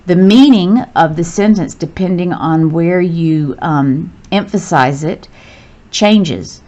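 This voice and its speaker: A woman's voice: on the low side, slow, dark tone. A woman teacher explaining grammar rules step by step, patiently correcting herself as she goes. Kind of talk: grammar lesson narration. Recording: dull lo-fi sound.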